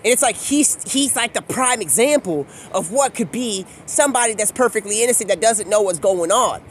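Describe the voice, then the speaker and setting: A man's voice: sits high, animated, normal speed, a little hiss or hum. Rambling man in a slangy monologue. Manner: rambling, free-associating, slangy. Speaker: video creator.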